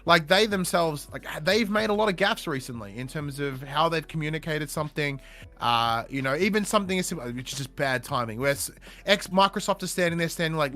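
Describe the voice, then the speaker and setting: A man hosting a podcast in casual chat, animated and emphatic, swearing offhand. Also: on the high side, fast. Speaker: podcast host.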